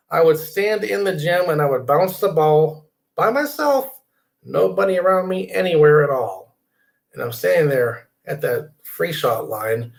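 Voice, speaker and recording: A man's voice: a little high, vocal fry. A middle-aged man hosting a casual live stream from his computer desk, rambling, reading viewer comments aloud and inviting people to join.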